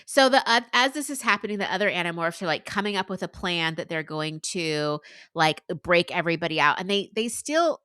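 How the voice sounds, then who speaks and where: A tipsy woman co-hosting a book podcast, rambling through a plot recap with animated asides. Her voice is bright and forward. The sound is close and dry. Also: on the low side, a little fast, smooth, no room sound. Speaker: book club podcast co-host. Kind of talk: casual chat.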